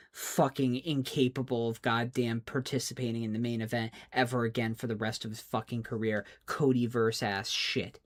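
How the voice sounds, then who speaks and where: Man in a stammering, profane rant. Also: mid-range voice. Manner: exasperated, profane, stammering restarts. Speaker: streamer. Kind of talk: angry rant.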